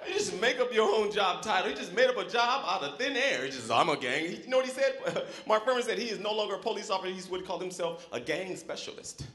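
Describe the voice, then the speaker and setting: A man from South Central Los Angeles doing a loud, animated stand-up set, acting out characters. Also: high-pitched, quick pace, few pauses, roomy sound. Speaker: stand-up comedian. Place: comedy club stage. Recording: live club crowd noise. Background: laughing club audience.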